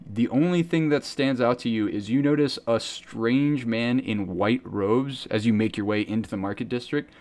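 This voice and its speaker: A man narrating a tabletop game as game master, in an animated storytelling manner. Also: mid-range voice, normal speed, hardly any pauses.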